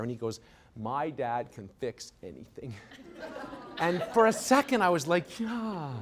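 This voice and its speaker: Lively self-mocking comedian, animated voice. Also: male voice, medium pitch. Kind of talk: stand-up storytelling.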